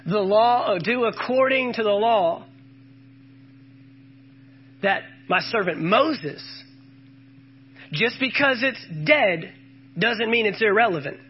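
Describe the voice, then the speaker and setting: Husky high-voiced male preacher. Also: expressive, takes it slowly, long pauses, dull audio. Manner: emphatic, calls out to the congregation and quotes scripture. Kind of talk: sermon.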